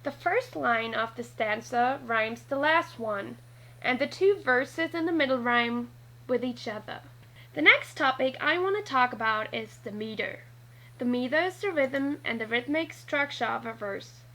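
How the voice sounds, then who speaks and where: A woman narrating a scripted lesson, talking slowly and deliberately and spelling out letters one by one. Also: fairly high pitch, expressive, sharp tone, rough recording. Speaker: teacher.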